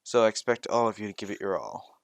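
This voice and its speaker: A man's voice: on the low side, fairly even intonation, fast, gravelly, no echo. A man voicing a strict adult male teacher lecturing his class in a fan-made audio story. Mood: stern.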